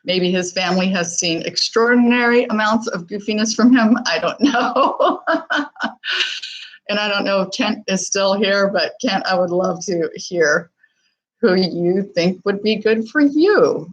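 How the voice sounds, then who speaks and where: A woman's voice: mid-range voice, unhurried, lo-fi sound. A woman hosting a live stream, talking candidly and casually with viewers, with many fillers and restarts. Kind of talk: casual live chat reading viewer comments.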